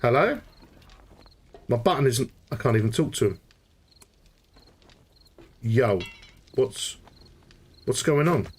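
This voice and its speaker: A man hosting a live gameplay tutorial, thinking aloud and getting excited as he works things out, often restarting sentences. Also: medium pitch, takes it slowly, long pauses, slight background noise. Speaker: tutorial host.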